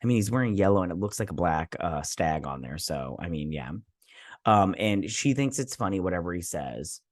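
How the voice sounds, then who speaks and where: A man with a fairly low voice talks through a TV episode in a loose, rambling recap, full of fillers and offhand swearing. The sound is dry and close, with no room around it. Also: lively intonation, moderate pace, no room sound. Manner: rambling, chatty, with frequent fillers and mild swearing. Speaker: show host reviewing a TV episode. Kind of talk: casual episode recap and review.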